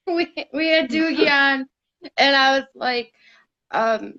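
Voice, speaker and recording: A woman's voice: high-pitched, slow, bright, forceful tone. A woman from Michigan with a Midwestern accent, co-hosting a live call in a chatty, giggly way. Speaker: co-host. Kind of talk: casual chat. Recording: dull lo-fi online audio.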